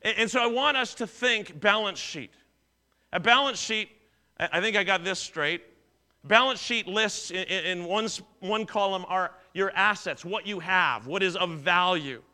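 A man's voice: sits high, normal speed, pushed and bright. A middle-aged man preaching a sermon as pastor, conversational, telling personal stories and often restarting and repeating words.

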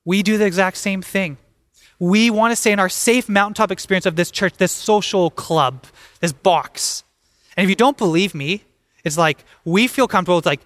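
A young adult man preaching a sermon as pastor, animated and acting out the voices of the people he talks about. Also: high voice, a little fast, no room sound.

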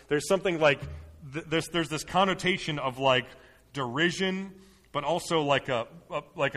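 A man's voice: medium pitch, fairly bright tone, in a large hall. A male pastor preaching a sermon in a loose, conversational way, full of fillers and restarts, building to emphatic delivery.

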